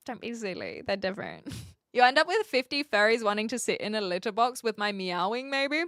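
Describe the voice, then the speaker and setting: Streamer, woman, mixed New Zealand accent with an Aussie twang, animated and playful, dry close mic. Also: a little high, brisk, dry recording. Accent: mixed New Zealand with an occasional Australian twang. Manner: chatty and playful, with lively swings between a soft mumble and bright exclaiming. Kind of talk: casual livestream chat, reading out viewer comments.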